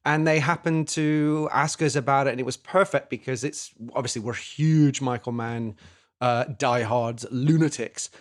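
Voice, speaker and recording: A man co-hosting a podcast in casual chat, talking haltingly with many fillers and restarts. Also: medium pitch, fairly even intonation. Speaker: podcast co-host.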